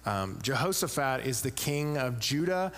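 A man's voice: medium pitch, lively intonation, normal speed, fairly bright tone. Man preaching in a reverberant church. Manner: casual, joking preaching voice. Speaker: pastor. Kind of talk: sermon. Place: church sanctuary. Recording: long reverb of a large room.

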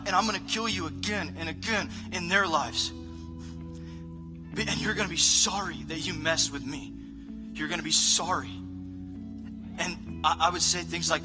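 A man's voice: high voice, poor audio. A man pastor preaching a conversational sermon in a church, rambling and self-deprecating with lots of filler words. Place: church stage. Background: live worship band playing softly.

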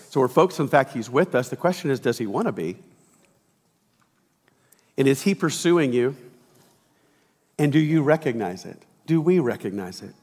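A man's voice: a little high, a little mellow. A man preaching a sermon, telling stories in a chatty, self-deprecating way. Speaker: pastor. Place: church sanctuary. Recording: long reverb of a large hall.

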